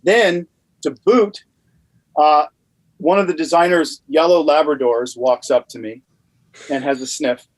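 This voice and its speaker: A man's voice: fairly high pitch, a little slow, long pauses, poor audio. A man from Louisiana telling a rambling anecdote as a podcast guest, with lots of fillers. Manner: animated, rambling with many fillers. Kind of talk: casual storytelling.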